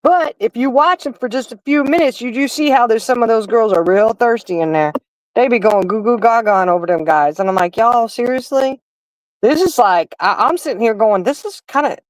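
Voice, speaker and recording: A woman's voice: fairly high pitch, no echo, low-quality recording. A middle-aged woman hosting a livestream and chatting casually, telling stories straight to her viewers. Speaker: livestream host. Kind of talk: casual chat.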